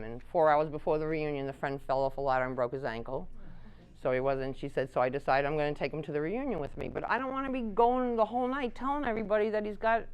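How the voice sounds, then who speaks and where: A woman's voice: sits low, clear, resonant tone. A middle-aged woman giving a caregiver talk to an audience, telling stories and acting out the people she quotes. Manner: animated, acts out quoted people with laughs. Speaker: caregiver support speaker.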